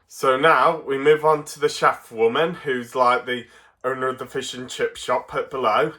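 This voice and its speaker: Derbyshire man with a bright, forward voice, casual and giggly, unboxing toys on camera. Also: medium pitch, steady tone. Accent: Derbyshire English. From Derbyshire, England. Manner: chatty, chuckles often, halting with fillers. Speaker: toy reviewer.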